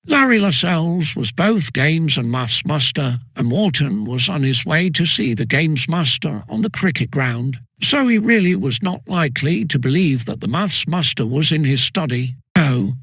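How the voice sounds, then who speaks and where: Breathy man reading a school story. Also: on the high side, expressive, normal speed, few pauses, a bit bright, no room sound, clean studio sound. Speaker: audiobook reader.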